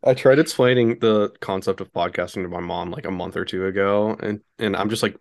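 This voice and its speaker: Low-voiced man, halting podcast chat. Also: steady tone. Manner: hesitant, repeats words, laughs along. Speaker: podcast co-host.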